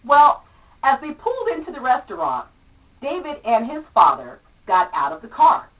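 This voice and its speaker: A woman reading a children's story aloud to young listeners, animated and acting out the characters' lines. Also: high-pitched, moderate pace. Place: home room among her statues. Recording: distant, dull lo-fi mic.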